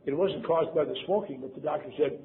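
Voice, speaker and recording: A man in his seventies from Wisconsin, USA, is speaking at a convention in a wry, self-mocking storytelling manner, acting out quoted voices. His voice is a little high and his pace quick. The recording is phone-like lo-fi tape with a faint hiss.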